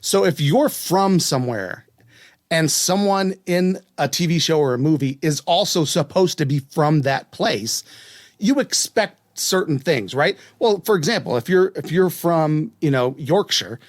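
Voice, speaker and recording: A man's voice: fairly high pitch, expressive, a little slow, dry recording, studio quality. A man from West Virginia hosting a casual chat, rambling and chatty, often breaking off and restarting his sentences. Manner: rambling, chatty, self-interrupting. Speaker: podcast host.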